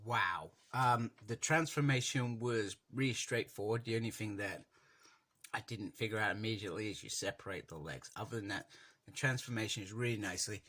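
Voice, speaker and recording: A man's voice: on the low side, brisk, bright, forceful tone. A man chatting casually and enthusiastically through a toy review, rambling as he goes.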